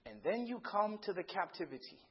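High, husky preacher swinging loud to hushed. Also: male voice, big pitch swings, a little fast, highs cut off. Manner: dramatic swings from shouting to hushed; storytelling, acting out dialogue. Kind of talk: sermon.

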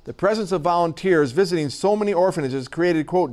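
Halting, fairly high-voiced male teacher. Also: a little mellow. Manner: hesitant, repeats words and fillers. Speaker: class teacher. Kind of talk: classroom lecture and reading aloud.

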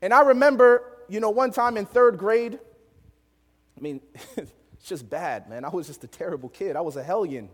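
A young male preacher tells a story in a lively, animated way and laughs often. His voice sits a little high for a man. A long reverb trails behind him, as in a large hall. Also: moderate pace. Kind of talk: storytelling sermon.

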